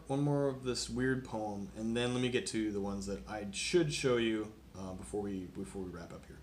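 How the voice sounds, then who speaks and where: A man's voice: mid-range voice, a bit bright. A man reading poems aloud on a live stream and chatting casually with his viewers between them. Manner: reads poems aloud with playful rhythm, chats casually with viewers. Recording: roomy sound with faint background noise.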